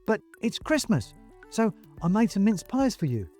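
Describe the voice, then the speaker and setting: A man's voice: fairly high pitch, big pitch swings, moderate pace, darkish tone, faint music behind, voice pushed up. Man doing a patient, polite young packer. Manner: patient, reasoning.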